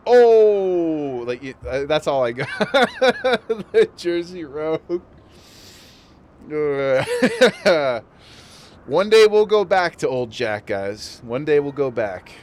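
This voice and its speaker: A man's voice: fairly high pitch, very animated, slow, slight background noise. A man streaming a game, chatting casually with viewers and laughing often. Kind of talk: casual live-stream chat while gaming.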